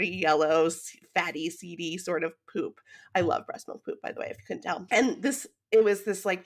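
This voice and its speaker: A woman in her thirties from the United States, a podcast guest telling a personal story in an animated, emotional way and laughing often. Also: mid-range voice, vocal fry. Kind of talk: conversational storytelling.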